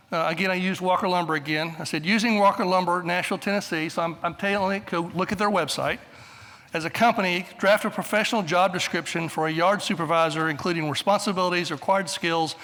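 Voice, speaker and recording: A man in his sixties gives a conference presentation in a large hall, his voice on the high side and a bit bright, trailing a long reverb. His manner is blunt, straightforward and brief.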